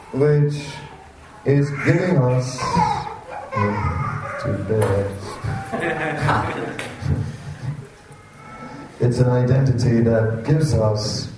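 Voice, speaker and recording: A man's voice: mid-range voice, mellow, recorded from a distance, slight background noise. A man giving an informal temple sermon, chatty and anecdotal, chuckling at his own jokes. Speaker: temple preacher. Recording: roomy echo, speaker away from the mic.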